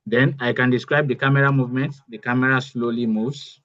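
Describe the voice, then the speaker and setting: A man's voice: mid-range voice, steady tone, fairly quick, fairly bright tone, muffled recording. A man teaching an online workshop step by step, repeating key phrases as he goes. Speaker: AI bootcamp instructor. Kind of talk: live online tutorial.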